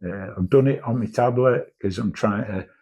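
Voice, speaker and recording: A man's voice: fairly low pitch, moderate pace, darkish tone, husky. A man in his fifties, a commercial artist, chatting casually and rambling through a vlog, swearing now and then. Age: 50s.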